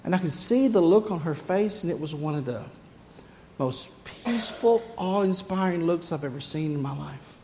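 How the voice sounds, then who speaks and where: Man, pastor, preaching, fairly high voice, emphatic, repeats key phrases. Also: a little fast, creaky, hardly any pauses, mellow, long reverb tail, slight background noise. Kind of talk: sermon.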